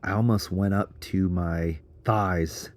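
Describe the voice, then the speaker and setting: Deep-voiced man telling a story, giggly. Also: slow pace. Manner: animated, giggly, chatty with many fillers. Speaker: underground explorer. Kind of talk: casual storytelling narration.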